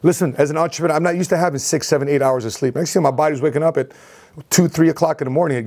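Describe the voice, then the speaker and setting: A man with a somewhat high voice tells his own story straight to camera. He speaks in an animated, repetitive way, circling back to the same phrases as he goes. It is a casual storytelling vlog. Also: rapid-fire. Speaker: entrepreneur vlogger.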